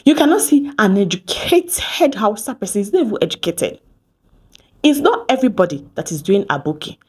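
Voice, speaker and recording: Telling stories casually to her camera, this Edo State vlogger, a Nigerian woman in her thirties, speaks at normal speed with medium pitch and a breathy edge. She stays animated throughout, drops into Pidgin, and performs the quoted back-and-forths.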